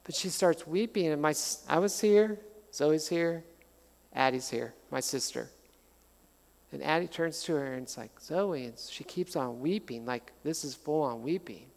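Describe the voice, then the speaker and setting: Middle-aged man, pastor preaching a sermon; chatty, storytelling, a bit of humor; slightly high voice, long hall reverb. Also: normal speed, gravelly. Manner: conversational, animated storytelling with humor.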